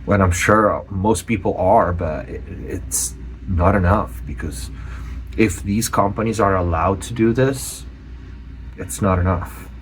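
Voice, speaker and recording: A man from Europe, a channel host giving a personal update, speaking earnestly with many pauses and restarts. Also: low voice, a little hiss or hum.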